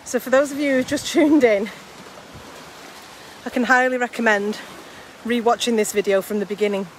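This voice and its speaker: A woman's voice: on the high side, fairly even intonation, normal speed. A woman chatting on a live-stream while walking along coastal rocks, laughing often. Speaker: vlogger livestreaming a coastal walk. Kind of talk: casual live-stream walk chat. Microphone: phone held while walking. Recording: light outdoor background noise.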